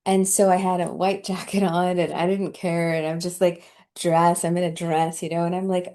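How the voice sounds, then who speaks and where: A woman's voice: lowish voice, little pitch movement, normal speed, hardly any pauses, dark tone. A woman host telling a heartfelt personal story in an emotional, tearful way, often laughing as she talks.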